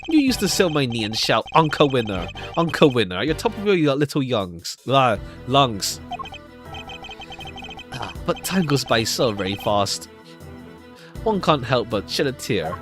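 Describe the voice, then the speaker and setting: A man's voice: mid-range voice, sing-song, measured pace. A man voicing a sentimental, tearful old male committee chairman, speaking theatrically over background music. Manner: weepy, grandfatherly, theatrical.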